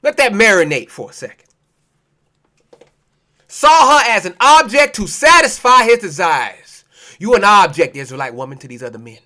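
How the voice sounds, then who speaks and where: High-pitched fiery male preacher. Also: very animated, moderate pace, long pauses, sharp tone. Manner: preachy, profane, calls out listeners as family. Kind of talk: fiery street sermon.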